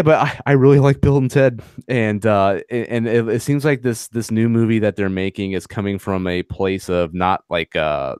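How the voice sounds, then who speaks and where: A young man co-hosting a casual podcast, his voice very deep, smooth and resonant. He rambles along with lots of fillers, and the sound is close and dry. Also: no room sound. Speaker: podcast co-host. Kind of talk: casual chat.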